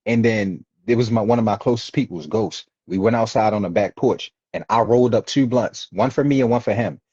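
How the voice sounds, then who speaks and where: A man's voice: on the low side, a little fast, mellow, husky, no room sound. A man from Baltimore, an interview guest, earnestly telling life stories in slangy casual talk. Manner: earnest, slangy, acts out quoted people. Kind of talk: reflective storytelling in casual chat. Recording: dull lo-fi dry recording.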